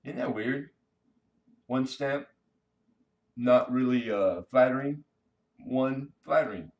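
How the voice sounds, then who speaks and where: A man's voice: mid-range voice, slow, a little mellow, distant mic. A man hosting a casual coin-collecting live stream, chatting with viewers in a laid-back, slangy way.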